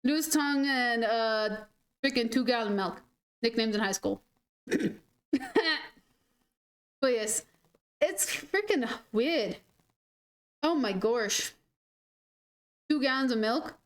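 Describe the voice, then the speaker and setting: A young woman chats over her gameplay in a high, bright-sounding register. She rambles loosely from thought to thought and giggles often. Her talk is peppered with "like". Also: slow, pauses often. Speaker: gaming streamer. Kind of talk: casual chat over gameplay.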